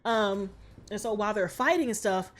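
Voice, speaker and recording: A woman's voice: mid-range voice, moderate pace. A woman vlogger giving a comic movie recap in slangy, profane talk.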